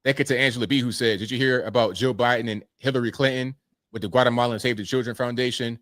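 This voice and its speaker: A man's voice: medium pitch, fairly even intonation, quick pace, fairly bright tone, dry recording, clean studio sound. Laid-back man reading viewer chats. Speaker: livestream host reading super chats. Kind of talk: casual livestream chat.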